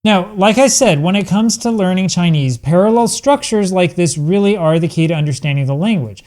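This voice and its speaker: Guy teaching a grammar lesson, patient and explanatory, voice sits a little high. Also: animated, fairly quick, darkish tone. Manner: patient, explanatory, quotes example sentences in Chinese. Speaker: language teacher.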